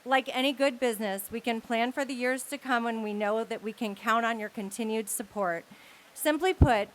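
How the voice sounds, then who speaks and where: A woman with a fairly high voice reads prepared remarks at a podium microphone. She keeps her delivery steady and formal and asks the audience for support at a charity event. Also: moderate pace. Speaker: leader of a women's philanthropy council.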